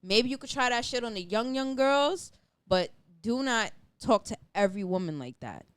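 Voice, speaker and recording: A woman's voice: a little high, expressive, normal speed, clear, resonant tone, dry recording. Blunt, profane woman co-host. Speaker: podcast co-host. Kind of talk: casual opinionated chat.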